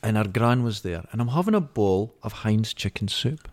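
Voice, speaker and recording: A man's voice: fairly low pitch, moderate pace. A Scottish man co-hosting a podcast, telling anecdotes in casual chat and acting out the voices of the people in them. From Scotland. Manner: animated anecdote teller, acts out quoted voices. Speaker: podcast co-host.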